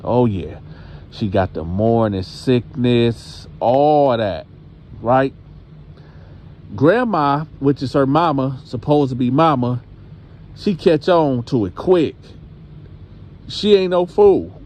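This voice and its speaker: Man, slow chatty storytelling, talks straight to viewers, channel host. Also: mid-range voice, lively intonation, a little mellow. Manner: chatty, addresses the audience directly. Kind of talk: casual storytime narration.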